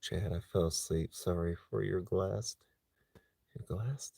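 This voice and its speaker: Low, mellow-voiced man chatting from his truck. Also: slow, creaky, husky, no echo. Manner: rambling, relaxed, drops to a whisper at times. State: a bit out of breath. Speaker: vlogger. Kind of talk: casual live-stream chat. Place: inside a truck at night.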